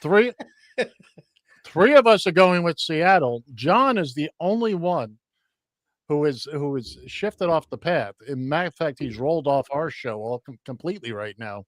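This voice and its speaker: A man's voice: fairly high pitch, animated, no echo. Chatty, rambling male radio host. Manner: rambling, dry, halting with fillers. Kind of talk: casual radio chat.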